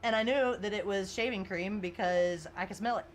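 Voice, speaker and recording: A woman's voice: mid-range voice, moderate pace, faint music behind. A woman game streamer in casual live-stream chat, reading viewer comments and rambling through stories with lots of "like" and "you know" and frequent laughs.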